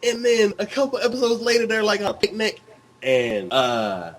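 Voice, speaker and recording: This man's voice sits high and moves at normal speed as he co-hosts a casual conversation. He's an animated storyteller who acts out scenes, complete with performed lines and sound effects.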